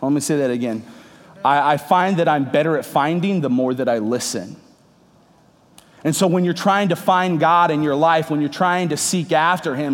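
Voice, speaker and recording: Upbeat man preaching in a hall. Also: fairly high pitch. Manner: conversational, joking with the congregation. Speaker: pastor. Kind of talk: sermon. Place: church hall with congregation. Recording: reverberant hall.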